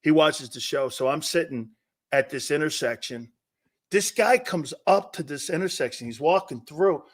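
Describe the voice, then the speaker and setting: A man with a fairly high voice hosts a sports talk show in a studio. He is on his feet, rambling through animated stories and restarting his sentences again and again. His tone is loose and casual. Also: normal speed. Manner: does the show standing up.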